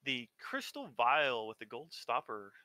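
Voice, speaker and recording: Brief: bright, dry-sounding male game master, casual narration. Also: mid-range voice, big pitch swings, a little slow, no echo, poor audio. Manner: casual, with filler words.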